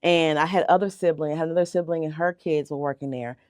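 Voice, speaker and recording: A woman's voice: low-pitched, fairly even intonation, fast talker, darkish tone, no room sound, studio quality. A middle-aged woman, a bakery owner, telling her story in a radio interview, earnest and heartfelt, sometimes repeating words when moved. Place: radio studio. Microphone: radio studio microphone.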